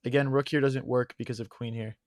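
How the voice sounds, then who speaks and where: Talking loosely through his chess moves, a young male streamer chats with viewers he calls "guys," and his mid-range, slightly mellow voice is a bit worn from hours of talking. He speaks a little fast in a steady tone. The sound is dry and close, with no room around it.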